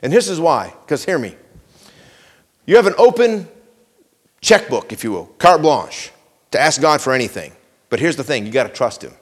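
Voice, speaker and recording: A man preaching a sermon, earnest and pleading, who pushes his listeners with repeated questions and swings between hushed intensity and raised urgency. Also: fairly high pitch, very animated, moderate pace, pauses often, slightly rough, big-room sound. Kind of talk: sermon, teaching from scripture.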